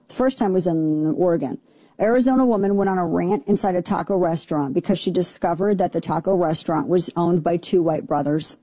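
A woman's voice: lowish voice, warm tone, slightly rough, no echo. A woman hosting a talk radio show, giving indignant, sarcastic commentary.

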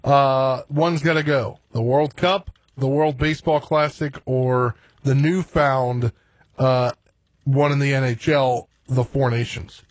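A man co-hosting a sports talk radio show, talking in a relaxed, offhand and opinionated way. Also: medium pitch, slow pace, dry recording.

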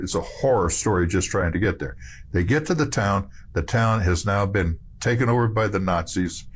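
A man's voice: on the low side, a little hiss or hum. A man giving emphatic, rambling storytelling commentary, full of restarts and asides.

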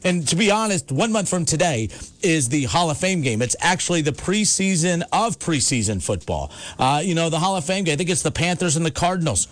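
A man's voice: on the high side, lively intonation, a little fast. A man hosting a call-in sports talk show from the United States, ranting emphatically, with repeated words and restarts. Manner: emphatic, repetitive, stammering restarts. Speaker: sports radio host.

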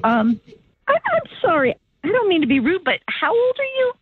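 A woman's voice: very high-pitched, big pitch swings, moderate pace, noisy background. A woman in her forties on a phone call, speaking in an indignant, exasperated and emphatic way. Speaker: prank call target, a mother.

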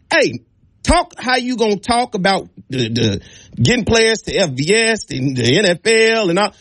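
Emphatic high-voiced man, dry sound. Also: a bit bright, dry recording. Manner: emphatic, preachy, addresses listeners directly. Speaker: show host. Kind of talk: passionate opinion monologue.

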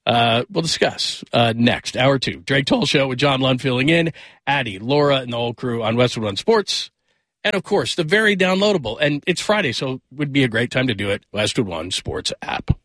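Fill-in male sports radio host, rambling and jokey, bright voice, close dry mic. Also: mid-range voice, expressive, moderate pace, no echo. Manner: rambling, self-deprecating, laughs often. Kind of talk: casual sports talk radio. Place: radio studio.

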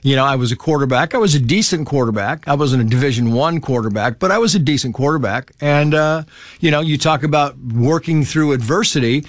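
Male guest, mid-pitched, chatty storyteller who jumps into quoted voices; dry close mic. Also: brisk, no echo. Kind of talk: casual conversation.

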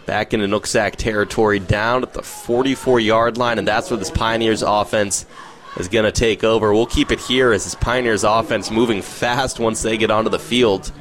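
Brief male play-by-play announcer, radio football call, steady then climbing on big plays. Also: on the low side, normal speed. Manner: rises to excited calls on big plays. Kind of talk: radio sports commentary. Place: outdoors at a football field.

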